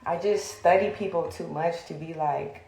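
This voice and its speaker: Heated woman livestreamer, confrontational rant, lower voice, roomy phone sound. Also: normal speed, dark tone, slight background noise. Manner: heated, confrontational, lots of fillers. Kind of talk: venting on a livestream.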